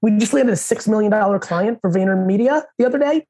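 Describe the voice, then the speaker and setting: A man as a podcast guest, telling stories in a fast, profane, high-energy way. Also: crowd noise. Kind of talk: casual interview storytelling.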